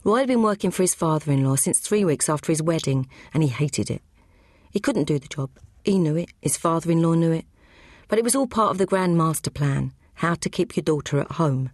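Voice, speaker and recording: A woman reading an audiobook crime novel aloud, brisk and matter-of-fact. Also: sits low, animated, a little mellow, dry recording, studio quality. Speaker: audiobook narrator. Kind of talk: scripted narration.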